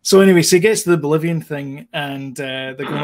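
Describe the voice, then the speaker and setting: A man's voice: on the high side, a little fast, darkish tone. A man, co-hosting a podcast in casual chat, rambling with plenty of fillers and restarts. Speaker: podcast co-host.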